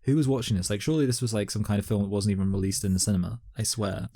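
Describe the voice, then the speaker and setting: A man with a low, mellow voice co-hosts a casual film chat, recorded dry and close. He thinks out loud with halting "like"s and "um"s and slips in crude humor. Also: no echo. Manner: crude humor, hesitant, lots of fillers and "like". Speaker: podcast co-host.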